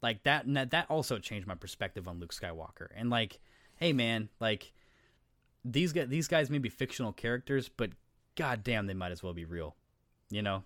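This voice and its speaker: Low-voiced excitable man, casual swearing. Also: normal speed, no echo, clean studio sound. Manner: excitable, swears a lot, rambling storyteller. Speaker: podcast co-host. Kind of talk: casual chat.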